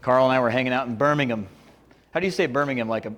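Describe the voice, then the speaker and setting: A man gives a negotiation seminar in a loose, joking style and keeps checking in with "right?" His voice sits at an ordinary mid pitch. The sound carries a long hall reverb. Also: rapid-fire. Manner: casual, joking, lively, rhetorical "right?" check-ins. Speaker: sales and negotiation trainer. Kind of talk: live seminar presentation with slides.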